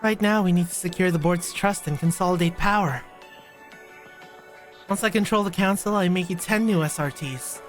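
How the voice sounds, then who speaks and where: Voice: medium pitch, normal speed, soft background music, close to an everyday voice. A streamer reading the lines of a scheming, condescending girl student leader in a cold, dismissive way.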